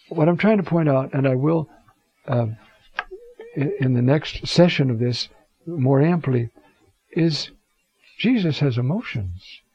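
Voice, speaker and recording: A man teaching a Scripture talk in an unhurried, reflective way, pausing often as he looks up verses. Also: medium pitch, vocal fry, slightly rough, no echo, dull audio. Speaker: Bible teacher.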